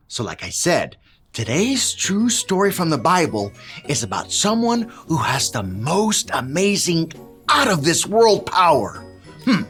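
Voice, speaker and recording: A woman doing a cheerful handyman who tells kids a story and has them clap, yell and rock along. His voice sits fairly low but swoops wildly up and down. He takes his time with every line. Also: full character voice. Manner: playful, calls kids to join in. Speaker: children's church presenter. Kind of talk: kids' Bible story with actions.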